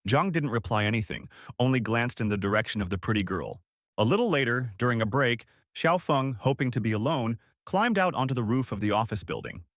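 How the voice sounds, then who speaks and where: A male narrator reads a story recap, with his pitch rising and falling in an animated way. His voice sits at a middle height, and the sound is dry and close. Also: brisk, dry recording.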